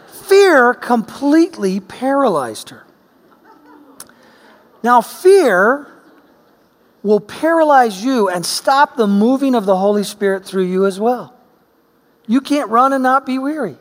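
A man's voice: very high voice, moderate pace, long reverb tail. A middle-aged man from Oregon preaching a sermon, telling a personal story and acting out the voices in it. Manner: animated storyteller, acts out voices. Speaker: pastor.

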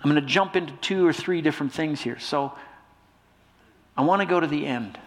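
A male pastor preaching a sermon with a stuffy nose, swinging between loud emphasis and soft hushed lines. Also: a little high, fairly quick.

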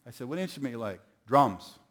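A man's voice: fairly high pitch, normal speed. A middle-aged man preaching a sermon, telling folksy stories and calling on the audience to answer. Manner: folksy storytelling, calls on the audience.

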